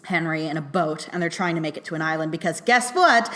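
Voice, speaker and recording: A woman's voice: low-pitched, fairly quick, a bit bright. A woman giving a casual spoken film review, full of "like" and "um", laughing often and swearing casually as she retells scenes. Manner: chatty, laughing often, heavy use of "like" and "um" fillers.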